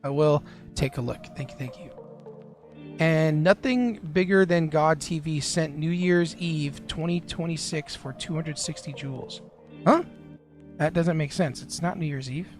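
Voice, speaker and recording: Male streamer with a slightly high voice and a loose, filler-heavy chat style. Faint music underneath. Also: a little slow. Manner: relaxed, filler-heavy, chatting with viewers while trading. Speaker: live-stream day trading host. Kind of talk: casual live-stream commentary.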